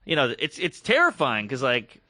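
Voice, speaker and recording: A man co-hosting a podcast tells a long story casually and animatedly, acting out the voices of its characters. His voice is mid-range at a moderate pace, with clean studio sound and no echo.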